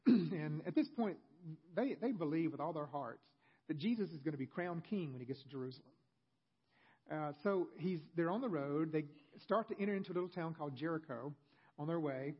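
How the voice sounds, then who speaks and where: Husky-voiced male pastor preaching. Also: fairly high pitch, expressive, a little fast, muffled recording. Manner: conversational storytelling with humorous asides. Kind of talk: sermon.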